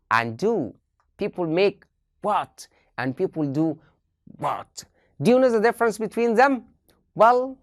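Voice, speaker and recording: A woman's voice: mid-range voice, no room sound, clean studio sound. A woman teacher gives an online English lesson, asking her students many questions and repeating key phrases.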